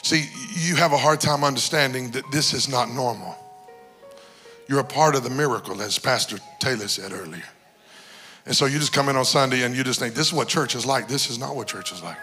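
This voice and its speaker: A man preaching a sermon as a guest bishop in a church, exhorting and shouting, with big swings between loud cries and quiet talk. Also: medium pitch, normal speed, pauses often, faint music behind. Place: church sanctuary.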